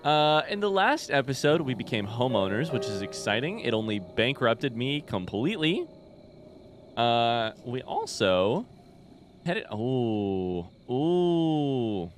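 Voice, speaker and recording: A man's voice: mid-range voice, very animated, unhurried, noisy background. A man hosting a casual let's-play video, chatting animatedly and talking back to the creatures in the game. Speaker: gaming video host.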